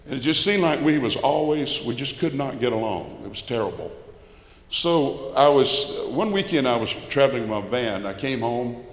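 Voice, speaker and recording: A man's voice: mid-range voice, animated, normal speed. An older man, giving a folksy, emphatic personal testimony to a church congregation. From Albany, Georgia. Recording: echoey church hall with long reverb.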